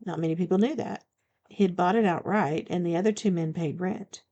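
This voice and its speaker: A woman author reading her own novel aloud as an audiobook, in a steady, even storytelling manner. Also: lowish voice, moderate pace, highs cut off. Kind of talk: audiobook narration.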